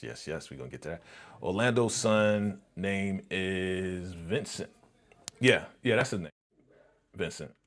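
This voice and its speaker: Laid-back low-voiced man streaming. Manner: laid-back, repetitive fillers. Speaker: live-stream show host. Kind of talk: live TV reaction commentary.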